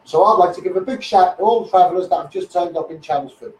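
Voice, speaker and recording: A man's voice: sits high, quick pace, recorded from a distance, slight background noise. A man with a Scouse accent ranting heatedly on a live stream, repeating himself and calling the listener mate. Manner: heated, repetitive, keeps saying "mate" and "you know what I mean". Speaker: self-styled campaigner. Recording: echoey room, voice off the mic.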